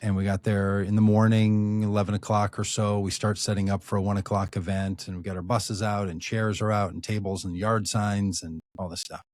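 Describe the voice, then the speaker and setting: Guy telling a long story on a podcast, lowish voice, laid back, drops into mumbly asides, dry sound. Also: brisk, few pauses, no room sound. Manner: relaxed, anecdotal, trails off into low asides. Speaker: podcast guest, activist and author. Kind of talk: storytelling in conversation.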